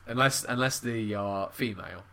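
A man's voice: fairly low pitch, normal speed, bright, forceful tone. A man hosting a podcast, brash and swearing his way through crude comedic banter. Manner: brash, swearing, slips into mocking voices. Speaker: podcast host.

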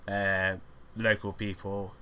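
A man's voice: on the low side, level tone, slow pace, bright, forceful tone, a little hiss or hum. A man hosting a podcast alone, rambling through crude, jokey banter in a casual chat. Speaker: podcast host.

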